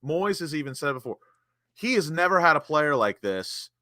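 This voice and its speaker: A man co-hosting a casual football fan chat rates players, passionate and emotional as he quotes stats. His voice is fairly high-pitched, very animated and sharp-toned, at a moderate pace. The studio-quality recording has no echo.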